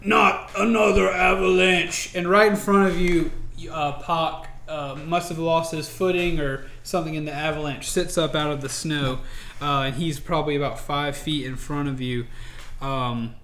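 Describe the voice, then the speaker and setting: Over faint background noise, a man with a fairly high, fairly bright voice narrates as a tabletop game master at a moderate pace and steady tone. His narration wanders, packed with fillers and restarted sentences.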